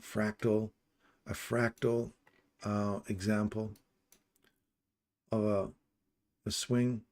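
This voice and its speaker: A man's voice: on the low side, little pitch movement, very slow, a little mellow. A man casually commenting on a live trading stream, reading out and answering viewers' chat messages by name. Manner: upbeat and chatty, laughs easily.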